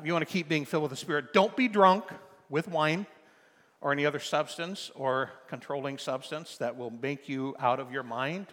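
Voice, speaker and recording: An older man preaching a sermon as pastor, moving from soft storytelling to loud, emphatic exhortation. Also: mid-range voice. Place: church sanctuary. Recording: long hall reverb.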